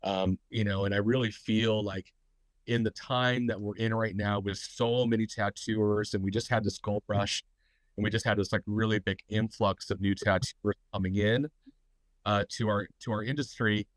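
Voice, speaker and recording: Middle-aged male host, low and congested, rambling live talk, dry sound. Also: fairly even intonation, normal speed, no echo, rough recording. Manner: rambling, frequent fillers and restarts. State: stuffy, congested. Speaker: host of a tattoo business talk. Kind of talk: live online business talk.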